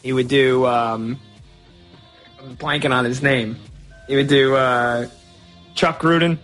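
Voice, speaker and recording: A man's voice: medium pitch, fairly even intonation, slow pace, a bit bright, soft background music. A man hosting a sports radio show in a studio, chatty and opinionated with a playful streak. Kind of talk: casual sports talk. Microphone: studio microphone.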